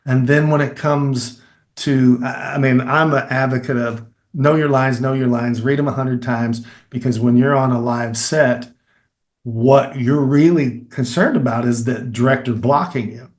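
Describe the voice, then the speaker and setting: A middle-aged man with a Kentucky accent, a filmmaker and acting teacher, explaining his methods in a lively, demonstrative way as an interview guest. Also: mid-range voice, unhurried. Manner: animated, explains with demonstrations and repeated phrases. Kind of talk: conversational interview.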